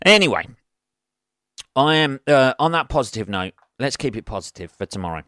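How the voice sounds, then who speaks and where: A man's voice: medium pitch, moderate pace, fairly bright tone, smooth, no room sound, clean studio sound. A man hosting a solo podcast, rambling through sweary, self-deprecating stories. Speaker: podcast host.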